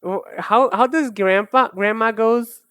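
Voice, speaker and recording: A woman's voice: on the high side, measured pace, a bit bright, clean tone, dry recording, studio quality. Chatty young woman streaming a game. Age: 20s. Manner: chatty, rambling, stumbling restarts. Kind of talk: casual gameplay livestream chat.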